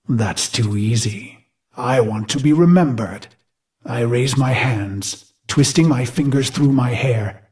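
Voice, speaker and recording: A man's voice: mid-range voice, a little mellow, lightly acted. An actor playing a brooding, vengeful human warlord who recalls his past in a grave, haunted inner monologue for a game cutscene. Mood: defiant. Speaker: narrator of a memory.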